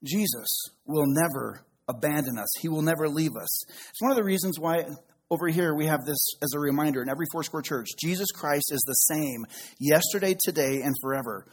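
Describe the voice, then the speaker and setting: A middle-aged pastor delivers a relaxed sermon, drifting into joking asides. His voice is a touch high and noticeably husky. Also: brisk.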